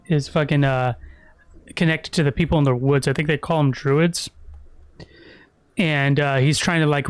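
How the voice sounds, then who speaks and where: Streamer, man, foul-mouthed and mocking, slightly high voice, dry sound. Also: clean tone, no echo. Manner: crude, profane, mocking. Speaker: gaming streamer. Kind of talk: casual gameplay commentary.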